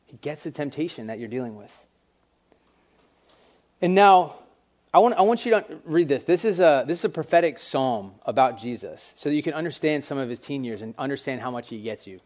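A man preaching a casual sermon to young people, animated and acting out quoted voices. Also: on the high side.

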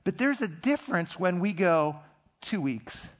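Higher-voiced man preaching conversationally. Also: very animated, measured pace. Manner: conversational, earnest preaching with personal stories. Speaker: pastor. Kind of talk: sermon.

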